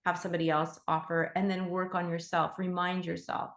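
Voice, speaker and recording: A woman teaching animal Reiki in a gentle, heartfelt way, with fillers and restarts. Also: on the low side, flat delivery, a little fast, echoey room. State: emotional. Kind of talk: casual spoken teaching.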